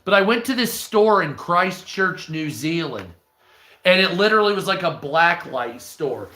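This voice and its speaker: This American livestream host rambles through profane, casual stories and responds to his chat. He speaks a little slowly in a fairly high, sing-song voice that is bright and forceful. The room is echoey.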